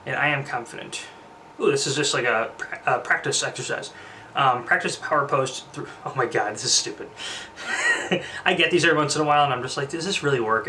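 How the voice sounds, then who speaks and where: A young man talks to his vlog viewers in a loose, rambling way, short of breath, with a bright, forceful tone. He sits a little back from the mic, and a faint room ambience hangs behind him. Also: medium pitch, distant mic, a little hiss or hum. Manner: rambling, frequent fillers and restarts, occasional swearing. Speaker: vlogger. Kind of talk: casual vlog chat.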